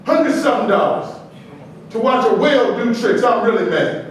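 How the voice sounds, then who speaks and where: Middle-aged male motivational speaker, high voice, storytelling cadence, distant echoey hall. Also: normal speed. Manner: animated, preacher-like repetition and building cadence. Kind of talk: motivational speech with humorous storytelling. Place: large hall at a podium. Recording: echoey hall, voice from far off, faint noise.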